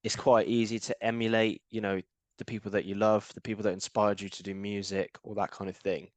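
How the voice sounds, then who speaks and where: A man hosting a music podcast, relaxed and encouraging, with many "like" fillers. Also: lowish voice, fairly quick, dry recording. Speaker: podcast host. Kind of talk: casual podcast interview.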